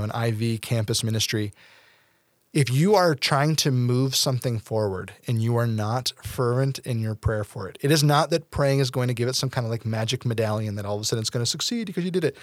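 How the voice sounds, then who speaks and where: A man's voice: medium pitch, dry recording. Guy hosting a faith chat podcast, earnest and chatty, cracks little jokes, dry close mic. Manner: earnest, talkative, with playful asides. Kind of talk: casual faith discussion.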